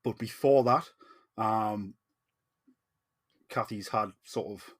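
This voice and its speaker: An enthusiastic man with a Geordie accent hosts a casual podcast chat. His voice sits a little low, and he fills pauses with ums as he talks. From Newcastle, northeast England. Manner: enthusiastic, chatty, many ums. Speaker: podcast host. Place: home podcast setup in Newcastle.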